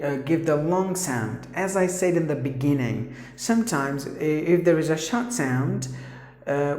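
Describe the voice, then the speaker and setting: Slow, echoey male teacher. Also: fairly high pitch, a little mellow. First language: Tamil. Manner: slow, repetitive, drills words aloud. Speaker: English pronunciation teacher. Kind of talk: pronunciation lesson. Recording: echoey room.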